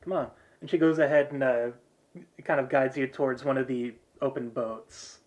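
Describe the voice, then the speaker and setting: A man narrating a tabletop game as game master, relaxed and laughing often, with many fillers. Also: mid-range voice, normal speed, lo-fi sound.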